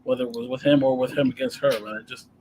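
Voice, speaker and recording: A man co-hosting a podcast, chatting casually about a TV show in a relaxed, halting way. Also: mid-range voice, a little hiss or hum, rough recording. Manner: relaxed, halting, restarts his sentences. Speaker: podcast co-host.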